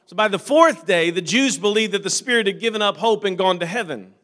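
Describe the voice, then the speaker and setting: A pastor preaching a sermon, moving between quiet, halting storytelling and loud, fervent preaching. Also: male voice, sits high, expressive. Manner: repeats words and restarts often while telling stories.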